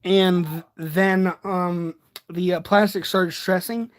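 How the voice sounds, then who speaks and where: An eighteen-year-old man chatting casually from his bed during a livestream unboxing, rambling and excitable, and often poking fun at himself. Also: high voice, slow. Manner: excitable, rambling, self-deprecating. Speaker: toy reviewer streaming.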